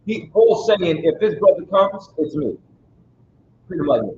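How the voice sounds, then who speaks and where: A man's voice: high-pitched, sing-song, a little slow, darkish tone. Emphatic man teaching scripture, roomy sound. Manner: emphatic, keeps checking in with listeners; casual street-style speech. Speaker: Bible teacher. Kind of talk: Bible study teaching. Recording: roomy, dull sound with faint noise.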